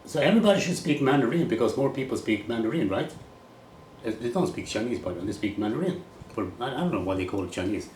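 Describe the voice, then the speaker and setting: A Swedish golf coach with a Swedish accent rambles bluntly through a casual monologue, swearing now and then. His mid-range, darkish voice is animated and fast, picked up far from the mic in an echoey room with faint ambient noise.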